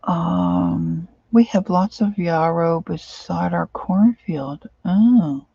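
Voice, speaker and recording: A woman's voice: lowish voice, extremely slow, creaky, warm tone, breathy edge, no echo, highs cut off. A middle-aged woman chatting casually as she works on a craft project, rambling on and answering viewers' comments.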